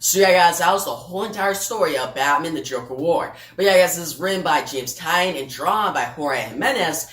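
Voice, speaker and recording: A man's voice: on the high side, animated, brisk, hardly any pauses, a bit bright. A man casually recapping a comic book story, chatty and full of fillers like "pretty much" and "right?". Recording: roomy echo, distant from the mic, faint music behind.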